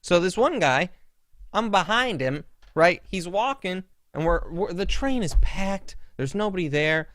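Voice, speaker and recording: A man hosting a podcast, telling everyday stories in a casual, grumbling, animated way. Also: unhurried. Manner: animated, swooping pitch, grumbling rants. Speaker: podcast host. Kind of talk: casual storytelling chat.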